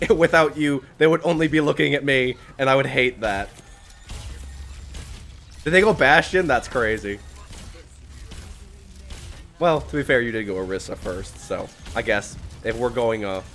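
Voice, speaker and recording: A young man streaming a team shooter, swearing often and yelling excited callouts to his teammates. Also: medium pitch. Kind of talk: live gameplay commentary with team callouts.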